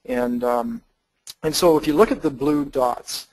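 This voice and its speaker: A man's voice: fairly high pitch, a little slow, darkish tone, low-quality recording. A man presenting real estate investment data over slides in a casual, explanatory way, with many fillers and restarts.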